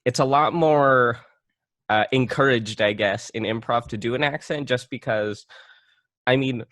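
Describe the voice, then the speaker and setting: A man's voice: mid-range voice, a little slow, a bit bright, no room sound. A young American man co-hosting a podcast in casual chat, talking loosely with many fillers. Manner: chatty, filler-heavy, playful impressions. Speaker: podcast co-host.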